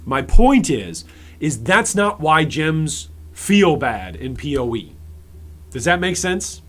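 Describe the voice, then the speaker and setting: An American man, live on stream, reacts to game patch notes and talks directly to his chat, rambling, restarting, and repeating words as he works through a point. His voice is fairly high with big pitch swings, and he speaks slowly.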